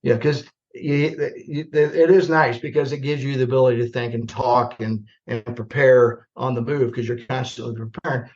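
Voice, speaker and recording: An older man from the US Midwest, a retired army general telling anecdotes as a podcast guest, plainspoken and lively when he acts out remembered exchanges. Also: mid-range voice, moderate pace, few pauses, highs cut off. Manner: plainspoken, animated storyteller who acts out remembered dialogue. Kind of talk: conversational storytelling on a podcast.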